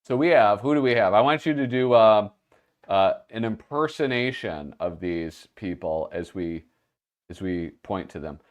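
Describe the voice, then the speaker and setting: Animated man from Minnesota, laughing banter. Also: fairly low pitch, normal speed, narrow, tinny audio. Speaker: podcast host. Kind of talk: casual chat.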